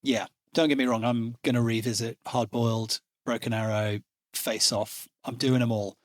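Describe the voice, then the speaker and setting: A man hosting a casual film podcast, animated and excitable, swearing now and then. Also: mid-range voice, moderate pace, no echo, clean studio sound. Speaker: podcast host. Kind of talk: casual chat.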